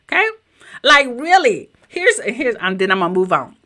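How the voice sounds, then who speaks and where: A woman with a Southern US accent, a business coach in her home office, teaching in a chatty, animated way straight to her viewers over a webcam mic. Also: normal speed. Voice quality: a little high-pitched. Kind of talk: live-streamed teaching presentation.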